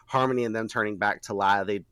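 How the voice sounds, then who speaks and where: A man hosting a podcast, recapping a TV episode in casual chat, animated, laughing often and swearing freely. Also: on the low side, fast, smooth, no echo.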